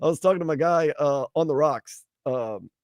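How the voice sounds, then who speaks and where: A man's voice: a little high, normal speed, no room sound. A man hosting a sports radio show, chatting casually and animatedly about headlines. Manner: chatty, animated, acts out quoted people in raised voices.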